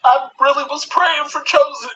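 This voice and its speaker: A woman's voice: high-pitched, fairly even intonation, moderate pace, bright, forceful tone. A mother speaking out in blunt, profane, confrontational direct address. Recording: dull lo-fi sound.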